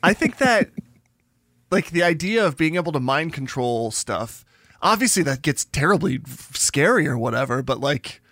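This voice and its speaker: A man's voice: on the high side, sing-song, moderate pace, a bit bright, dry recording, clean studio sound. A man co-hosting a podcast in casual chat, rambling and giggling, often trailing off mid-thought. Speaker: podcast co-host.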